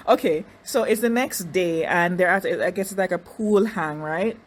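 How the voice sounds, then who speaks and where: A woman's voice: lowish voice, measured pace. Chatty woman recapping reality TV. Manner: chatty, animated, restarts and asides, mocking impressions. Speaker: reality TV reviewer. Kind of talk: casual recap commentary.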